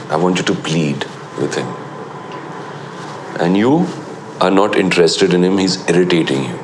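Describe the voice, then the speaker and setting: In a documentary interview, a middle-aged man who acts in films shares anecdotes with animated energy, voicing what other people said. He has a deep voice, and background noise is present.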